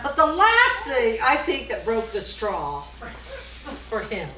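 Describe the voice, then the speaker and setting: A middle-aged woman performing a storytelling comedy set, often laughing at her own story and shouting out other people's lines. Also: fairly high pitch, huge pitch swings, takes it slowly. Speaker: stand-up comedian. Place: small live music venue. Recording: echoey room, distant mic, faint noise.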